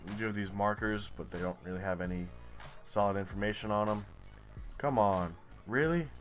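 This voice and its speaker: A young man giving profane, frustrated commentary while playing a geography guessing game. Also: on the low side. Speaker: gaming YouTuber. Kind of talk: live gameplay commentary.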